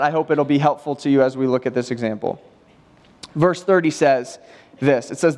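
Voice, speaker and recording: A man preaching a sermon in church, retelling a Bible story in a casual, animated way with acted-out quotes. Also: on the high side. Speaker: pastor.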